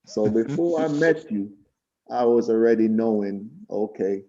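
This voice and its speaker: A man's voice: fairly low pitch, measured pace. Chatty Jamaican-born man on a call. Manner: chatty, animated, quotes people in raised voices. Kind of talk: casual storytelling on a video call. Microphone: video call. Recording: dull lo-fi call audio.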